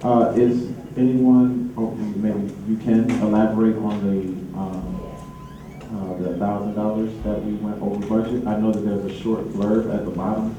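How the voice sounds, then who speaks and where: A lower-voiced man politely and formally asks the treasurer a question. He sounds far off in a very echoey hall, with noise around him. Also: level tone, unhurried, dull audio. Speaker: committee member asking a question.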